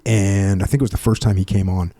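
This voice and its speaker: A middle-aged podcast host with a low, dark voice talks fast in a level tone. He tells stories casually and conversationally, acting out quoted voices with emphasis.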